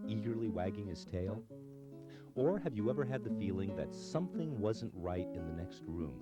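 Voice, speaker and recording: Lively low-voiced male narrator. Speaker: documentary narrator. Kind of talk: scripted narration. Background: guitar music.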